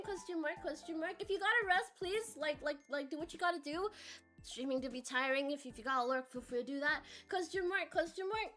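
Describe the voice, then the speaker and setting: A woman's voice: high-pitched, fairly quick, fairly bright tone, soft background music. A woman streamer chatting casually with her viewers, bubbly and giggly, reading chat aloud and swearing now and then, while coming down with a cold.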